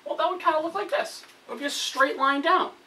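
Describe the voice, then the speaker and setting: A man's voice: very high voice, brisk, pushed and bright, distant mic, poor audio. Guy teaching chem at the whiteboard, chatty, keeps saying okay, recorded by a camera across the room, faint hiss. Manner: chatty, self-correcting, keeps checking in with "okay?". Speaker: chemistry teacher. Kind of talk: recorded classroom lesson at a whiteboard. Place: classroom with whiteboard. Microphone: camera set up across the room.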